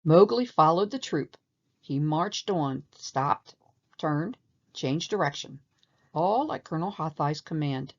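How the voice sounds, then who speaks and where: A woman reads a children's story aloud with animated, expressive pacing. Her voice is low, and the recording sounds slightly dull. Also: takes it slowly. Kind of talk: storybook read-aloud narration.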